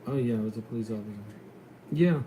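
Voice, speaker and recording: Middle-aged new york guy, ex cop, easygoing chat, animated storytelling, bit of faint noise behind. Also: mid-range voice, fast talker, low-quality recording. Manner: chatty storyteller, animated when retelling. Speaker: former police lieutenant. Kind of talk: casual chat on a call.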